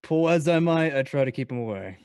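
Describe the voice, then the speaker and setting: A man's voice: mid-range voice, expressive, fairly quick, a little mellow, smooth, dry recording, studio quality. A man playing a tabletop game, eager and laughing as he plays. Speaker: player. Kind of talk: casual game talk.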